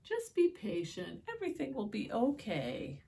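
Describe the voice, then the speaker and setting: A woman voicing a kind young girl who gently reassures a shelter puppy in a storybook read-aloud. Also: fairly high pitch, huge pitch swings, unhurried, gravelly, a little hiss or hum, heavily acted. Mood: soothing.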